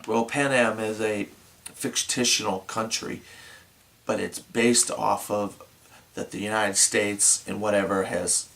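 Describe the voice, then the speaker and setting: Gravelly man chiming in with corrections. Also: fairly low pitch, fairly even intonation, slow pace, fairly bright tone. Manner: matter-of-fact, chimes in with corrections. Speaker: movie review show co-host. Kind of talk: casual chat.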